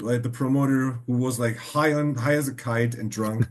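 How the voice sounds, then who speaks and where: A man's voice: medium pitch, steady tone, normal speed, a little mellow. A man hosting a podcast, telling rambling anecdotes in casual chat. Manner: rambling anecdotes full of fillers. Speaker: podcast host.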